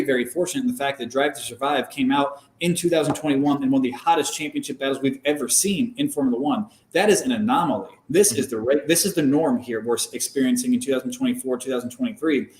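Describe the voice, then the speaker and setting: A man's voice: mid-range voice, darkish tone. Man in an echoey room explaining racing. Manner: measured, explanatory, frequent "um" fillers. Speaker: guest, former race car driver. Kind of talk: casual conversational interview. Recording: roomy echo.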